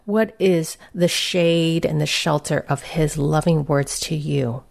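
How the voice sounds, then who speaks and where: A woman leading a guided Christian devotional meditation in a gentle, soothing and reflective way. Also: deep voice, fairly even intonation, slow pace, creaky.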